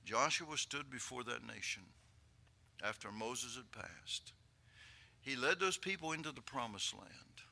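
Fervent older preacher with a bright voice. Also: male voice, medium pitch, animated, a little slow, vocal fry. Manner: rising to fervent, loud peaks, with chuckles and asides to the congregation. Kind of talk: sermon.

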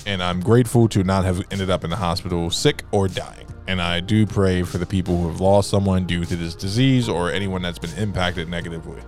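A man's voice: sits low, steady tone, fairly quick, hardly any pauses, a little mellow, soft background music. A man co-hosting a podcast in casual chat, joking, laughing often and swearing. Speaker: podcast co-host.

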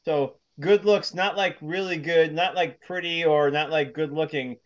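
Guy cohosting a podcast, bit high voice, rambles, repeats himself, laughs a lot. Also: steady tone, unhurried, highs cut off. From United States. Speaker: podcast co-host. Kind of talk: casual chat.

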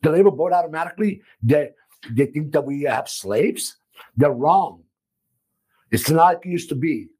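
A man from Italy, a restaurant owner, talking emphatically and loudly, repeating himself in an animated interview. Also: a little high, normal speed, slightly rough. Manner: emphatic, repetitive, loud and expressive.

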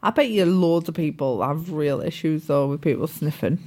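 A woman's voice: low-pitched, moderate pace, warm tone. A young woman co-hosting a podcast in casual, blunt, teasing and sweary chat. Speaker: podcast co-host.

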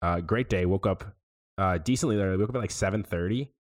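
A young man with a lowish voice tells a loose, rambling story on a podcast. His talk is relaxed and casual. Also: quick pace. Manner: laid-back rambling storyteller. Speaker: podcast co-host. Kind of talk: casual chat.

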